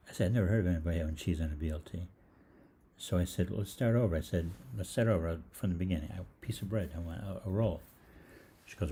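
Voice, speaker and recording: A man's voice: low-pitched, expressive, fast talker, mellow, a little hiss or hum. An older man hosting a health program, telling a rambling anecdote in a chatty way and acting out the other people's lines. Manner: chatty, acts out quoted voices, frequent ums and restarts. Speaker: holistic health program host. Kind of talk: casual rambling storytelling monologue.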